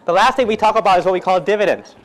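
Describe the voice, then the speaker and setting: A little hiss or hum sits under this man's high, racing voice as he teaches a finance class. He jokes around, uses some Thai, and questions students at every turn.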